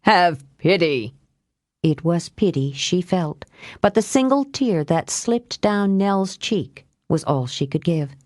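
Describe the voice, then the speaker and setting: A woman narrating an audiobook in a measured, unhurried way. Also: fairly low pitch, animated, darkish tone, dry recording, clean studio sound. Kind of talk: scripted narration.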